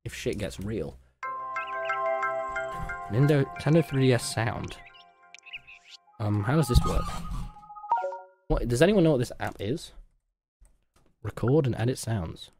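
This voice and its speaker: Young man, livestreamer, lively swooping pitch, excitable, rambling, casual chat. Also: unhurried, long pauses, music in the background. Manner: excitable, swears freely, rambling asides.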